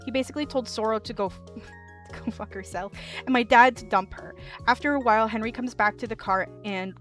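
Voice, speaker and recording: A woman streamer reading online stories aloud, with animated commentary and laughing asides. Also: on the high side, fairly quick, soft background music.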